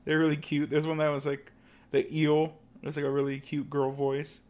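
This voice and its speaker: A man co-hosting a podcast, chatting loosely and stopping to hunt for words. His voice sits a little higher than most men's. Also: completely flat delivery, moderate pace, a little mellow. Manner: chatty, loose, many fillers and restarts. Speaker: podcast co-host. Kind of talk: casual chat.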